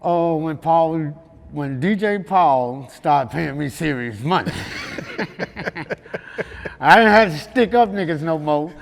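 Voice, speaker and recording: A man's voice: a little high, animated, slow, vocal fry, long pauses, in a large hall. A man from Memphis with a Southern accent, telling stories in a loose, laughing way and often asking "you know what I'm saying". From Memphis, USA. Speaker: rapper guest. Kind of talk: casual interview storytelling.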